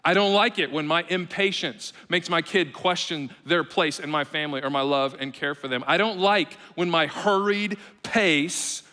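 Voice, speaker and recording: Man, 30s, preacher, sermon, conversational, quiet-to-loud swings, repeated phrases, somewhat high voice, church hall reverb. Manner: repeats phrases in quick lists with tag questions like "right?". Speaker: pastor. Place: church auditorium.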